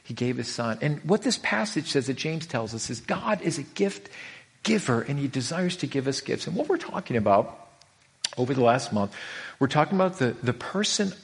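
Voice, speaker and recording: A man's voice: mid-range voice, normal speed, breathy edge. A middle-aged man preaching a sermon as a pastor, telling stories with lots of animation, repeating himself and restarting lines. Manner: animated storytelling, frequent repetitions and restarts.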